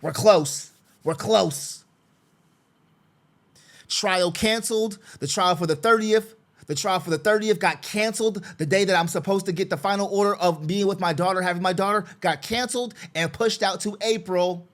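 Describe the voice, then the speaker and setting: Brief: man with a high-pitched voice, a frustrated father talking through his own case, repetitive and sarcastic. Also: fairly quick, fairly bright tone. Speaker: father representing himself in a custody case. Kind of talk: casual screen-share walkthrough.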